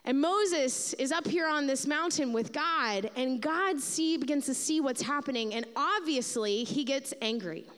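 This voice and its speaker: A woman pastor giving a sermon, telling a Bible story in an animated way and acting out its figures. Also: high-pitched, unhurried, few pauses, big-room sound.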